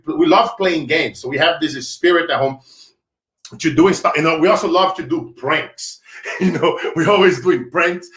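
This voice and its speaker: A man's voice: fairly high pitch, a bit bright. Playful joking man in an echoey room. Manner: laughs often, playful joking. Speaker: guest. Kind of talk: casual storytelling.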